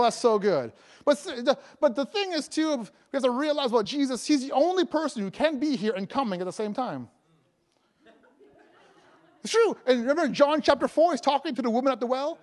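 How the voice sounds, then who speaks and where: High-voiced, jokey preaching man. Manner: jokey, laughing often, bursts of loud proclaiming. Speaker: evangelist. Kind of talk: sermon.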